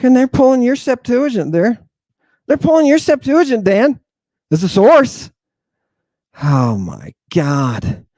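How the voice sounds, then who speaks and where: An excitable man delivers an online lesson, repeating himself for emphasis and swinging between loud outbursts and hushed asides. His voice sits a little high for a man. The sound is dry and close, with no room around it. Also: dry recording. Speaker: teacher. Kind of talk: animated online lecture.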